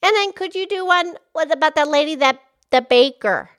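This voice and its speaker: A woman's voice: lively intonation, moderate pace, a bit bright. A woman voicing a cheerful cartoonish pig who hosts a children's podcast, bubbly and enthusiastic. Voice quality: very high squeaky put-on voice. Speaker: host. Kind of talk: kids' podcast character play.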